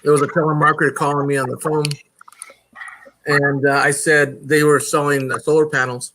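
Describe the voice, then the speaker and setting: A man's voice: fairly high pitch, level tone, moderate pace, sharp tone, rough recording. A man telling a casual anecdote to friends. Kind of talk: casual storytelling.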